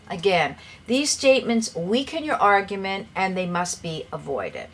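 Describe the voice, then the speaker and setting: Woman teacher explaining writing tips, clear and steady, mid pitch. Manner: clear, measured teacher's delivery with direct advice. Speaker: English teacher.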